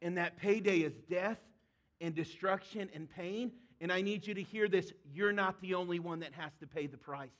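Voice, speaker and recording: High-voiced earnest male pastor preaching. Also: moderate pace, a bit bright. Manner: earnest, conversational preaching with pleading prayer voicing. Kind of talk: sermon.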